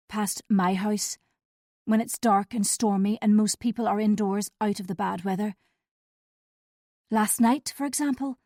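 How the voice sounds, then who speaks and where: A woman reading the lines of a hesitant man who is awkwardly confronting a friend, in a mellow, dry-sounding voice. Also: medium pitch, no room sound, lightly acted. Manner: awkward, faltering.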